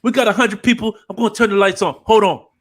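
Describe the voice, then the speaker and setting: A man voicing an excitable toy-collector friend with boastful, showy patter. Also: high voice, fast talker, pitched above the performer's own voice. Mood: hyped. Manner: boastful, hyped-up showman patter.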